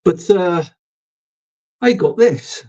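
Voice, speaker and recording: A man's voice: high voice, lively intonation, drawn-out words, dark tone. A middle-aged man hosting a casual live stream, rambling and swearing with lots of ums. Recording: dull lo-fi stream audio.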